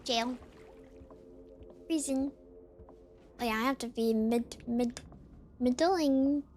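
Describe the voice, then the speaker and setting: High-voiced woman with a slight lisp. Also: slow pace, a little mellow, slight background noise. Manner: muttering to herself, repeating words aloud. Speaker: VTuber streamer. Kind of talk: casual live game stream chatter.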